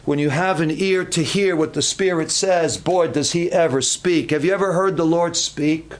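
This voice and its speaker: A man preaching a sermon, telling a Bible story slowly and emphatically, acting out the voices. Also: fairly high pitch. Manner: acts out voices in the story, calls names dramatically. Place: church.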